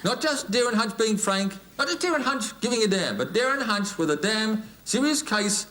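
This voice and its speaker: An Australian actor playing a pompous, self-righteous middle-aged TV current-affairs host in a comedy sketch, ranting and repeating himself indignantly. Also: male voice, sits high, lively intonation, moderate pace, a bit bright. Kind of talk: sketch comedy parody monologue.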